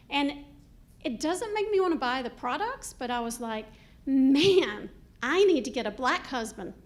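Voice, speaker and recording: High-voiced woman doing stand-up. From Georgia, US. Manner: animated, chatty, full of "like" asides. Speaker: stand-up comedian. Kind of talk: stand-up comedy set. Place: comedy club stage.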